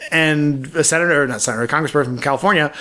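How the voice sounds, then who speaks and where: Podcast co-host, man, faint Baltimore accent, slightly high voice, jokey, stumbles and restarts a lot. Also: rapid-fire, pushed and bright. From Baltimore area, United States. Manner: chatty, stammering restarts, jokey. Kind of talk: casual chat.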